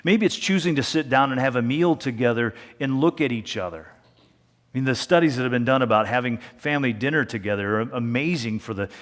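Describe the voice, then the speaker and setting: A man preaching a sermon in a conversational tone, with a middle-pitched voice that eases into slow, hushed stretches to drive points home. He speaks from a church sanctuary, and his voice rings out with a long, lingering reverb. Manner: conversational preaching, slows down and drops to a hush for emphasis. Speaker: pastor.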